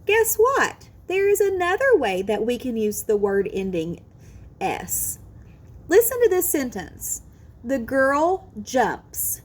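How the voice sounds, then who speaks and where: A woman teaching a kindergarten phonics lesson, sounding out words slowly and with exaggerated care. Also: high voice, huge pitch swings. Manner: drawn-out, exaggerated sounding out of words, sing-song encouragement. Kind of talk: slow, careful phonics lesson for young children.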